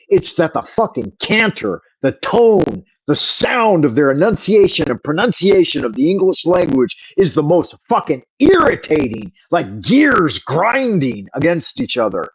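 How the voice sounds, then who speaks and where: A man's voice: a little high, very animated, a little slow, few pauses, slightly rough, rough recording. A middle-aged man with a Californian accent, rambling and swearing in an opinionated livestream chat. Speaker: livestream host.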